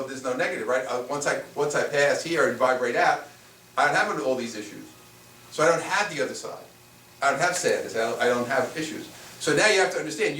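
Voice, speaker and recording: Guy with a slightly high voice running a spiritual seminar, lots of "see the difference?", echoey room, faint hiss. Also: fairly bright tone, distant mic. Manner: conversational, full of rhetorical questions. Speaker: spiritual teacher. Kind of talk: live seminar teaching. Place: room with a live audience.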